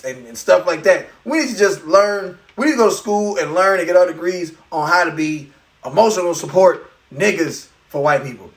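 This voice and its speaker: Man, high voice, podcast host, animated comedic rant, profane, incredulous, distant mic.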